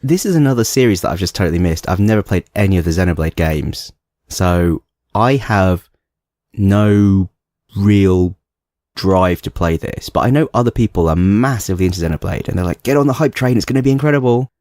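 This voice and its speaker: A man with a London accent co-hosting a podcast in casual chat, animated and quick to laugh. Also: low voice, no echo, clean studio sound. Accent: London English. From London, England. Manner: animated, laughs often, acts out voices. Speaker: podcast co-host.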